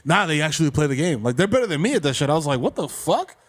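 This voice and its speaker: A man's voice: on the high side, animated, racing. Boisterous, laughing New man. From the Bronx, New York. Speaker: podcast co-host. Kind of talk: casual comedy podcast banter.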